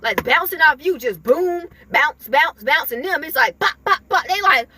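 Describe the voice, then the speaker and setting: A woman's voice: high-pitched, animated, moderate pace, bright, forceful tone, slight background noise. A woman giving an emphatic, repetitive spiritual pep talk to her viewers, chuckling between points. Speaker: spiritual vlogger.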